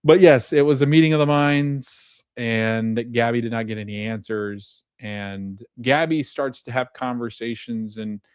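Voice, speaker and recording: A man's voice: medium pitch, steady tone, measured pace, smooth, no echo, studio quality. A man recapping a TV episode on a podcast in casual chat, rambling with many fillers and restarts and laughing often.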